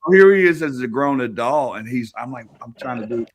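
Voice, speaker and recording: A man's voice: medium pitch, animated, brisk. A man telling rambling war stories on a podcast, swearing constantly and laughing as he talks. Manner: profane, rambling, laughs often. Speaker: podcast guest. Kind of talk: casual storytelling.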